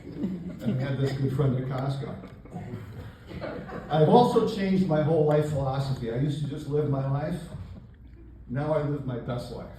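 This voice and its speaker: An older man performing a stand-up comedy set on a club stage, with a deadpan, self-mocking delivery. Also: on the high side, moderate pace, pauses often, a little hiss or hum. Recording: echoey live club, distant mic. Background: audience laughter.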